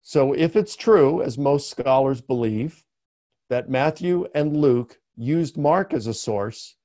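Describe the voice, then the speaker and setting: A man giving an academic lecture in a webinar, explaining slowly and deliberately and stressing key words with sharp rises. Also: mid-range voice, expressive, dry recording, studio quality.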